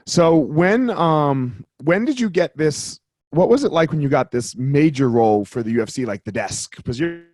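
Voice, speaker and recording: A man's voice: on the high side, animated, normal speed, darkish tone, dry recording. A man hosting a podcast, talking loosely and rambling, swearing casually. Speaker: podcast host. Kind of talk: casual interview chat.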